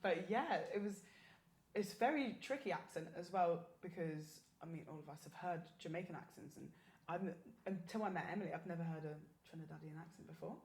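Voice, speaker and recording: Hesitant, low-voiced woman in an echoey room. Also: a little fast, darkish tone. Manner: easygoing, hesitant, many ums. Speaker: performer guest. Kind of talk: casual podcast chat.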